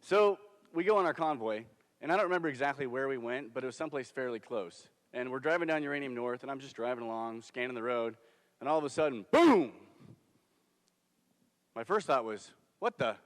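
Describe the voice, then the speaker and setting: A man's voice: medium pitch, quick pace. A young man, a military veteran, earnestly telling his own story in a conversational way during a staged performance. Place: theater stage. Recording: long hall reverb from a stage.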